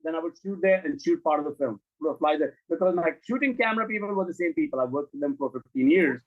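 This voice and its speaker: High-voiced man telling blunt stories. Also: fast talker, narrow, tinny audio. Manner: animated anecdotes, blunt and profane, acts out quoted dialogue. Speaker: film director, guest. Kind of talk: candid interview storytelling.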